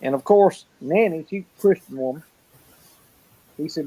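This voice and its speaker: A man's voice: a little high, moderate pace, warm tone, rough recording. A man, telling colorful, salty stories about his family in casual chat. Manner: colorful folksy storyteller, salty language.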